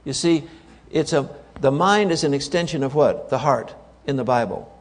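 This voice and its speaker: A man's voice: medium pitch, normal speed. Emphatic male preacher in a reverberant hall. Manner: emphatic, repeats key words, asks the audience rhetorical questions. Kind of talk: sermon.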